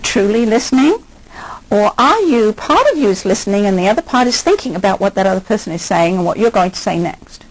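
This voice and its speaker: A woman's voice: medium pitch, expressive, fairly quick, poor audio. An older woman, a hypnotherapist, giving a conversational lecture and asking her listeners many questions.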